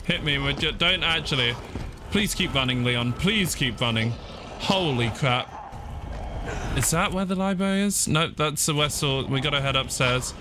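Male let's player, mid-pitched, jittery and nervous, voice spiking high in frights, noisy backdrop. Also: moderate pace. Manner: panicky, jumps high in pitch when scared; swaps swear words for "fudge". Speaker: gaming YouTuber. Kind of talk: let's play commentary.

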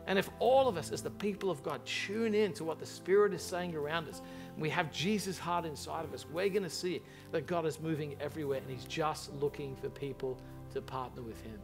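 A man preaching a sermon as pastor to a large church congregation, impassioned and animated in his storytelling. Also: fairly high pitch, a little fast, music in the background.

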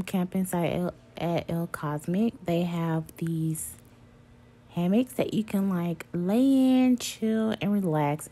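Brief: woman, lowish voice, casual gushing travel vlogger on a phone camera. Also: warm tone. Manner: chatty, gushing, apologetic asides. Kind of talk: casual vlog narration.

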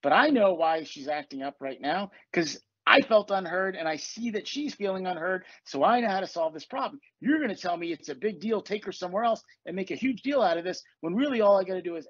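A man's voice: high-pitched, expressive, a little fast, fairly bright tone, breathy edge, no echo, lo-fi sound. A man hosting a casual spiritual podcast, telling stories with plenty of swearing and acting out what people said. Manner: profane, storytelling, acts out quotes. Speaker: podcast host and coach.

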